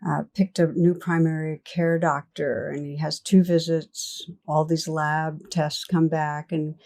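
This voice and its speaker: An older woman giving a reflective meditation talk, gently telling stories and laughing softly. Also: sits low, little pitch movement, unhurried. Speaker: meditation teacher. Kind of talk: dharma talk.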